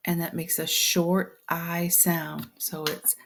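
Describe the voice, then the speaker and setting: Slow, patient woman teaching phonics. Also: lowish voice, little pitch movement, vocal fry, a bit bright. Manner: slow, patient, often drops to a whisper. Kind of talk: step-by-step phonics lesson.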